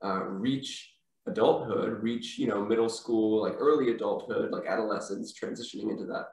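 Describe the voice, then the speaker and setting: Brief: male podcast host, low voice, rambling questions, off-mic in a roomy space. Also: normal speed, darkish tone. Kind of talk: casual podcast interview. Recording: echoey room, distant from mic.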